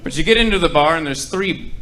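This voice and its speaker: A young man doing a stand-up set in a comedy club, with dry deadpan setups and ironic punchlines into a stage mic. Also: on the high side, fast.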